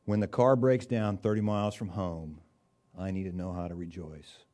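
A man's voice: sits low, fairly even intonation, moderate pace, mellow. A man preaching a sermon in a conversational, folksy way, with touches of humor and rising bursts of emphasis.

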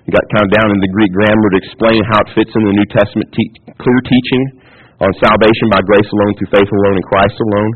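A pastor preaching a sermon in a teacherly way, often checking in with the congregation. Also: male voice, fairly low pitch, level tone, quick pace, slight background noise. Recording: tinny phone-like audio.

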